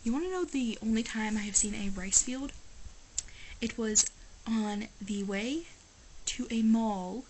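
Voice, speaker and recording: A woman's voice: mid-range voice, steady tone, takes it slowly, pauses often, darkish tone, slight background noise, low-quality recording. A woman vlogging to camera, talking casually in an emphatic, exasperated way with lots of "like"s. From United States. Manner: exasperated, emphatic, chatty with many "like"s. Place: living in Japan.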